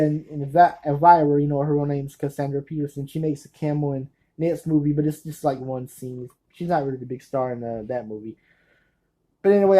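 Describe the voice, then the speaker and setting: A man's voice: fairly high pitch, mellow, low-quality recording. A man casually reviewing his movie collection to camera, rambling, losing track of names and starting over.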